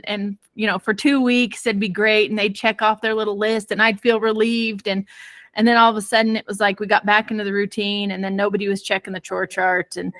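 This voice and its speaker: A woman parenting expert telling a personal story in an interview, lively and acting out quoted voices. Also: mid-range voice, dry recording. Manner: many fillers and restarts.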